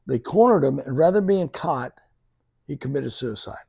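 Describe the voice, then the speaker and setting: A man's voice: mid-range voice, normal speed, vocal fry, breathy edge, no room sound. A man telling a story as a podcast guest, acting out the dialogue he quotes. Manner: lively storyteller who acts out quoted dialogue. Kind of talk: conversational storytelling.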